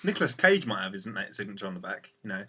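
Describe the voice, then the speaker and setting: A man's voice: fairly low pitch, sing-song, racing, bright, forceful tone, slightly rough. A young English man co-hosting a casual vlog chat, joking dryly and cutting in. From England. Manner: dry joking, cuts in. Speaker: vlog co-host.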